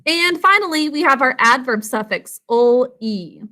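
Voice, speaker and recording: A woman teaching an online spelling lesson to children over a video call, sounding out words slowly and giving frequent praise. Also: sits high, lively intonation, bright, forceful tone. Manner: slow, deliberate enunciation with praise.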